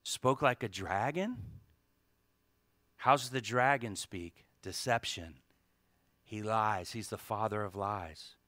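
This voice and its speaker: A male pastor preaching a sermon with emphatic delivery, swinging from hushed asides to loud, fervent climaxes. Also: fairly low pitch, takes it slowly, long pauses, no room sound.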